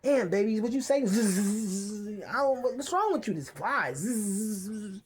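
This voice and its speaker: A man's voice: very high voice, very animated, fairly quick. A man hosting a podcast from a couch in his home man cave, ranting casually, cursing a lot and repeating himself as he rambles. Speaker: podcast host. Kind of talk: casual rant to camera.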